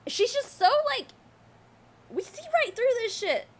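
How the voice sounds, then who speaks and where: A woman's voice: very high-pitched, very animated, moderate pace. A young woman giving sarcastic, incredulous commentary while reacting to a livestream, mocking and often laughing.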